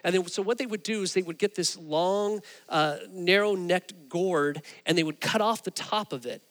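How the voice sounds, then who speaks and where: A man's voice: sits high, normal speed. Man preaching in a reverberant hall. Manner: animated storytelling with rising emphasis. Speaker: pastor. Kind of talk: sermon.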